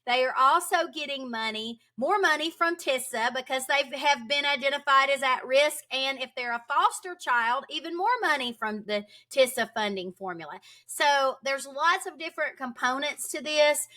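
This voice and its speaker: Woman from tennessee pressing her case on a podcast, fairly high voice, really bright and forceful. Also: moderate pace, few pauses. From Tennessee, United States. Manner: impassioned, urgent, emphatic. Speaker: homeschool advocate, podcast guest. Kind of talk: podcast interview.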